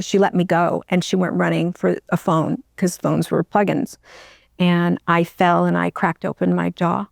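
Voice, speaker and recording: A middle-aged woman, an interview guest, telling her own story in a halting, emotional way, close to tears, with many restarts. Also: fairly low pitch, creaky, darkish tone, dry recording. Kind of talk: personal storytelling.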